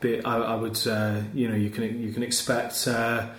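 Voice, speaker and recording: Dry-humoured podcast co-host. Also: male voice, medium pitch, flat delivery, moderate pace. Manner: dry, self-mocking jokes, quiet and rambling. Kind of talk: casual chat. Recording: roomy echo.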